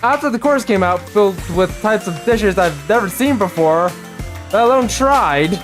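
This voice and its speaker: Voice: mid-range voice, expressive, moderate pace, faint music behind. A reader narrating a game's story aloud, with frequent fillers and restarts.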